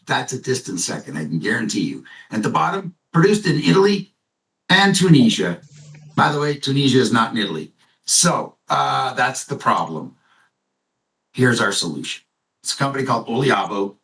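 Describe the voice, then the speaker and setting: Man, presenter, lively casual pitch, jokey asides, echoey room, off-mic. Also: brisk, creaky, distant mic. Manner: animated, jokey storyteller. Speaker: company presenter.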